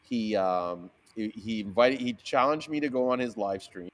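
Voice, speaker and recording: A man in a casual interview, telling a story with lots of swearing and restarts. He acts out the other people in it with sudden jumps in pitch, from low and quiet to high and loud. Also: moderate pace. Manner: swears freely, acts out quoted voices with sharp pitch jumps; fillers and frequent restarts. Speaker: seamoss seller, guest.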